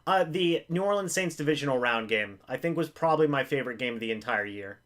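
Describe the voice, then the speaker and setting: A man's voice: medium pitch, quick pace. A man hosting a live game reaction stream. He calls the plays himself, pleads with the players, and jokes his way through the loss. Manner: excitable, pleading with players, self-mocking humor.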